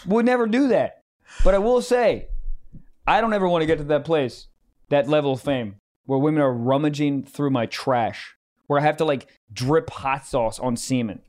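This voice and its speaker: A man's voice: on the high side, normal speed, a little mellow. A man co-hosting a podcast, riffing loosely and swearing a lot in casual comedic chat. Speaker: podcast co-host.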